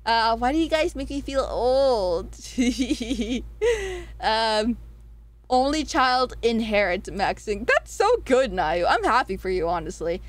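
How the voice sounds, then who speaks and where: Reading out poll results in a laid-back livestream chat, a female streamer giggles and gets excitable, cursing freely as her voice swings from high squeals to low mutters. She takes her time, and the recording is dry.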